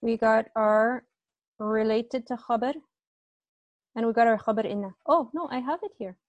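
A woman teaching Arabic grammar in an online class, chatty and quick to correct herself, often checking that the class agrees. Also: fairly high pitch, no echo, lo-fi sound. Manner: chatty, self-correcting, asks class to confirm.

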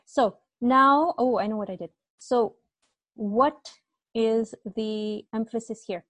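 A woman teaching Arabic grammar in an online class, chatty and quick to correct herself, often checking that the class agrees. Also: a little high, a bit bright, dry recording. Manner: chatty, self-correcting, asks class to confirm.

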